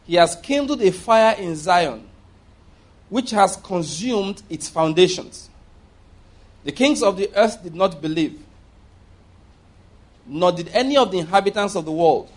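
High-pitched preacher man reading scripture. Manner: reads scripture aloud with emphatic stresses, occasional restarts. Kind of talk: sermon.

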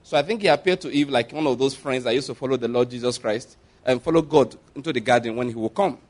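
A man's voice: medium pitch, fast. A man preaching a sermon, telling stories with animation and acting out the scenes.

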